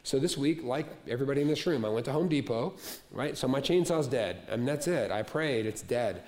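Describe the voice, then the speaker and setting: A male pastor preaching a sermon to a congregation, talking conversationally, repeating phrases for emphasis and telling stories with animated humor. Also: mid-range voice, brisk.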